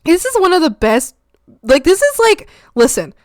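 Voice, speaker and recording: A woman's voice: very high voice, sing-song, moderate pace, a little mellow, dry recording, clean studio sound. A young woman chatting casually on her art stream, gushing and giggly, sliding into baby talk. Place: home streaming setup.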